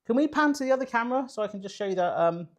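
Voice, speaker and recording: A man's voice: very high voice, expressive, rapid-fire. Give me a chatty British man hosting a cooking stream. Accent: British English. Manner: chatty, jokey and self-deprecating, reading viewer comments. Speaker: cooking show host. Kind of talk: live-streamed cooking chat.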